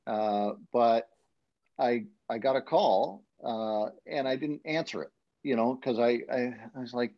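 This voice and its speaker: A man in a casual podcast chat looks back on hockey broadcasting. He tells his anecdotes in a halting, rambling way, full of fillers and restarts. His voice sits in an ordinary middle pitch, and the recording sounds dull and lo-fi. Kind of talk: casual storytelling.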